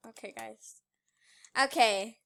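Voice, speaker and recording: A woman giving casual, playful gameplay commentary, giggling and teasing, swinging between loud outbursts and quiet asides. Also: fairly high pitch, slow pace. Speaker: gaming YouTuber.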